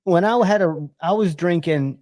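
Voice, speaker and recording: A man with a slightly higher voice hosts a casual late-night stream, rambling and restarting his sentences. The sound is dry and close. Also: normal speed, darkish tone, no echo. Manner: rambling, chatty, trails off and restarts. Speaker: live stream host. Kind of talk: casual knife chat.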